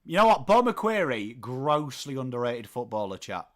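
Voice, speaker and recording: A man with a Northern English accent hosting a live football watchalong, calling the play and chatting with viewers, swearing casually and shouting at big moments. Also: medium pitch, very animated, normal speed. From England. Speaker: livestream host.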